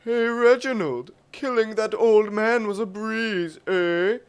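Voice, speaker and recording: A man's voice: sits high, takes it slowly, clean tone, pitched above the performer's own voice. Man putting on a boastful bandit. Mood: gloating. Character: cocky male bandit, young adult, boastful.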